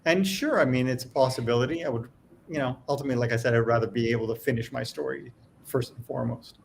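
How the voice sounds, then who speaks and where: A man with a gravelly voice pitched in the middle range chats casually on a panel as a series creator. He talks haltingly, stopping and restarting often. Faint noise sits under the recording. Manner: hesitant, many restarts and fillers. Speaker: TV series creator, podcast guest.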